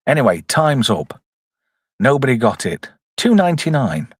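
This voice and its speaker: A man riffing on a film for a live chat audience, jokey and loose. His pitch swings widely as he talks, and the sound is dry and close to the mic. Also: very animated, moderate pace, slightly rough, no room sound. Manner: jokey, reads out chat, puts on silly voices. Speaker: streamer reviewing a film. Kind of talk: casual live commentary.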